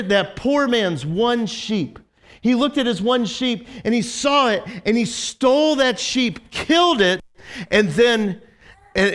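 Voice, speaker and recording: A man's voice: sits high, a bit bright. A male pastor giving a casual, conversational sermon, chatty and full of fillers and restarts.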